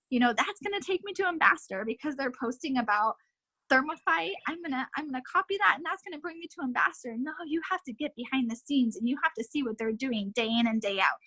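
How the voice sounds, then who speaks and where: A woman with a bright, husky voice urges her team on in an emotional, impassioned pep talk, hammering her points home by repeating them. She speaks over a video call, and the sound is dry and close. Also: high voice, dry recording, poor audio. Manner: emotional, impassioned, repetitive exhortations.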